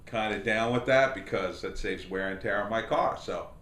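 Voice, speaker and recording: A man's voice: fairly low pitch, moderate pace, echoey room. A middle-aged man hosting a podcast, telling a long anecdote in a casual, rambling way. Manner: rambling anecdotal, animated quoted voices. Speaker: podcast host. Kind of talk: casual storytelling commentary.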